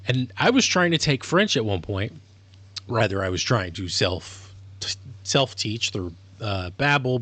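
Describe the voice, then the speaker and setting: A man's voice: mid-range voice, fairly bright tone, no room sound. A man streaming live, talking casually in a rambling, self-correcting way as he explains things. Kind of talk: casual livestream monologue.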